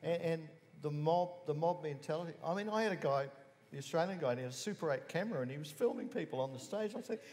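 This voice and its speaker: A man's voice: fairly high pitch, animated, a little mellow. A middle-aged man with a New Zealand accent recalling events earnestly on a discussion panel, with frequent restarts. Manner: earnest, halting, with many restarts. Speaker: musician on a panel. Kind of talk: panel discussion, personal recollection. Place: museum hall. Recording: reverberant hall, faint background hiss.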